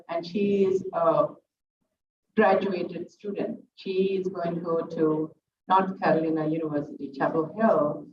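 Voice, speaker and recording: A middle-aged dance teacher speaks earnestly at a student's recital, pausing often to collect her words. She is heard from a distance in an echoing room, with a dull, muffled sound and a faint hiss behind her. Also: fairly low pitch. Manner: earnest, halting, with many fillers. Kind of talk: heartfelt speech at a student's recital.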